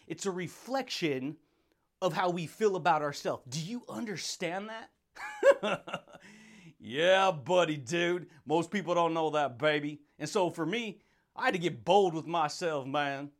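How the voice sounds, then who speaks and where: High-pitched guy doing a motivational podcast, super hyped, keeps laughing, says dude and baby a lot. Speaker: podcast host.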